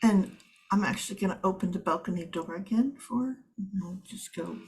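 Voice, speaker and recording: A woman player describing her character's actions in a relaxed, halting way. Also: mid-range voice, vocal fry, low-quality recording.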